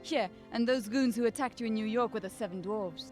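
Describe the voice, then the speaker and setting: A woman's voice: a little high, fairly quick, darkish tone, faint music behind, close to an everyday voice. An actress playing a teasing, sarcastic young woman in an adventure game. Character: sharp-tongued young woman, teasing sidekick.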